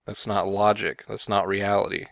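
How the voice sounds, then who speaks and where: A man giving combative Bible commentary, often pausing on "okay" and "you know" to press his point. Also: fairly low pitch, level tone, gravelly, no echo. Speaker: religious video commentator.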